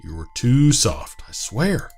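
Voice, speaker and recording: A man voicing a kind, soft-hearted young woman in a visual novel, speaking earnestly and gently. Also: mid-range voice, very animated, slow pace, slightly rough, full character voice.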